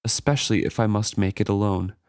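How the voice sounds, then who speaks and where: A man's voice: on the low side, fairly even intonation, brisk, darkish tone, no room sound, natural voice. A man reading aloud as a lonely female living ship, speaking earnestly and plainly in a dry, close sound.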